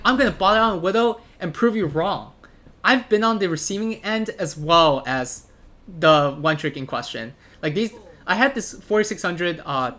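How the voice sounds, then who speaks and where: A man's voice: sits high, bright, forceful tone, a little hiss or hum. A man giving blunt, profane gameplay commentary and ranting advice about ranked play. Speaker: gaming content creator.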